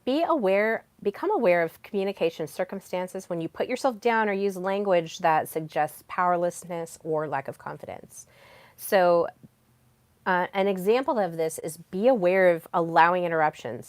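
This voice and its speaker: A woman's voice: fairly low pitch, moderate pace, dry recording. A young woman hosting a solo self-help podcast, talking in an earnest coaching tone with plenty of fillers. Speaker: podcast host.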